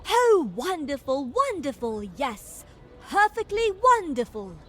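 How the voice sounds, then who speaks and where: Prim etiquette-obsessed noblewoman in a game, high and slow, lively pitch. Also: full character voice. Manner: prim, fussy, corrective. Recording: game audio with music behind.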